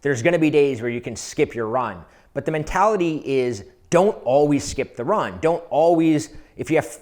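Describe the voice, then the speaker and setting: A man's voice: fairly high pitch, expressive, normal speed, a little mellow. A man speaking as a dating coach, giving casual, conversational advice to viewers, often repeating words as he goes. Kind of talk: advice monologue.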